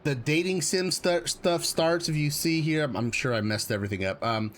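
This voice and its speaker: A man streaming a game, with rambling, excitable, self-deprecating commentary and casual swearing. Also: a little high, normal speed, a little hiss or hum. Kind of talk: casual let's play commentary.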